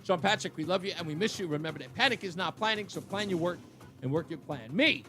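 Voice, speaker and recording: A man's voice: sits high, fast, music in the background. A man with a New York accent hosting a talk radio show, joking and laughing through casual banter. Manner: jokey, animated, laughs often.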